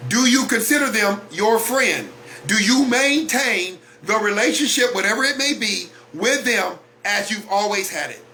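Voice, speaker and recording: A man's voice: high voice, animated, measured pace, pushed and bright, a little hiss or hum. A man hosting a weekly talk broadcast, speaking bluntly in a preachy monologue and hammering home repeated rhetorical questions.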